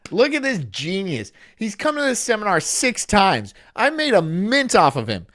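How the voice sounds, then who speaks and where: Man doing a sarcastic self-help guru, mock-rousing, smug, lively pitch. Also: unhurried, full character voice.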